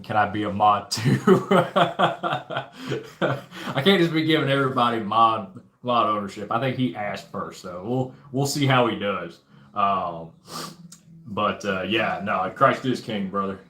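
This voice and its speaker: A man's voice: mid-range voice, sharp tone. A young man hosting a casual livestream, rambling with lots of fillers and swearing while reading chat aloud. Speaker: livestream host. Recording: roomy echo.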